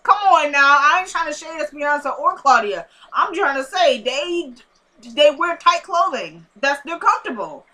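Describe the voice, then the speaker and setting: A woman's voice: high voice, expressive, normal speed, pushed and bright, rough recording. A woman giving a casual, slangy episode recap, talking straight to her viewers and acting out the characters' lines. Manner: acts out characters' lines while retelling. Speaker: TV episode reviewer.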